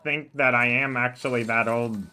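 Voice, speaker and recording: Through a desk mic, this game streamer's medium-pitched voice sounds steady, pushed and bright, clear and resonant, at normal speed. He rambles casually about the gameplay and laughs often.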